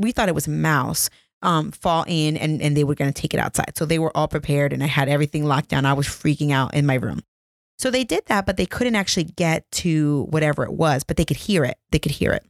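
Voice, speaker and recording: Woman podcast host, thirties, low gravelly voice, dry close mic, casual storyteller. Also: no echo. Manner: chatty, laughing, self-deprecating. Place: home. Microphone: podcast microphone.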